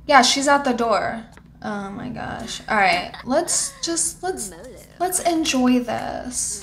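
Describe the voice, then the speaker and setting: A woman's voice: high voice, big pitch swings, takes it slowly, a bit bright. A young woman giving casual commentary on her life-simulation game, chatting and bossing her characters around. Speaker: gaming channel host.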